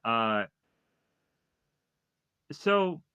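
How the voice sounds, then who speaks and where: A man's voice: mid-range voice, very animated, drawn-out words, bright, forceful tone, clean tone, no room sound, lo-fi sound. A man casually recapping a movie plot in a rambling way, full of fillers and restarts. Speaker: film reviewer.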